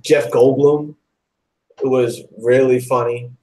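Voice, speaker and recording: A man hosting a live online talk show, chatting excitedly and rambling, with lots of "like" and "dude". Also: mid-range voice, slow pace, poor audio. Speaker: host. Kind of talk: casual chat.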